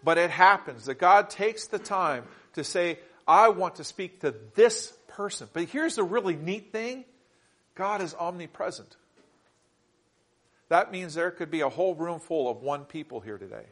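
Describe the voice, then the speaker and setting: Guy preaching, voice a bit on the high side, goes loud then drops real quiet, leans hard on words. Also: expressive. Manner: dramatic shifts between loud emphatic reading and quiet intimate asides; slow deliberate stresses on single words. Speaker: pastor. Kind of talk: sermon.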